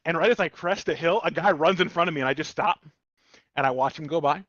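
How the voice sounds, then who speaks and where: Streamer guy, higher voice, swears a lot, dull dry lo-fi mic. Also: fast talker, no echo. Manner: swearing animated storyteller. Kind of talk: casual gaming chat.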